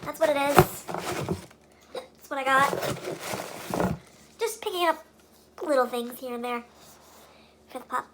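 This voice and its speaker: A woman's voice: sits high, unhurried, pauses often, very noisy. A young woman vlogging casually, venting with frustration and many fillers. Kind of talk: casual vlog monologue.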